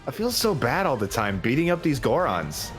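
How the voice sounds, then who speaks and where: A man's voice: mid-range voice, moderate pace. A man hosting a let's play, chatting casually and swearing freely, breaking into silly voices as he tells stories. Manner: animated and profane, jumping into silly voices for quotes. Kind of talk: casual chat over gameplay. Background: game music.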